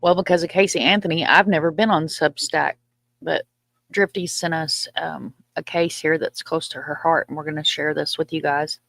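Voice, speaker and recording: Southern woman host, casual and playful, lower voice, dry sound. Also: steady tone, moderate pace, creaky, a bit bright, no echo. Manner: chatty, playful, swears casually. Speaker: livestream host. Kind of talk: casual livestream chat. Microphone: computer mic on a live stream.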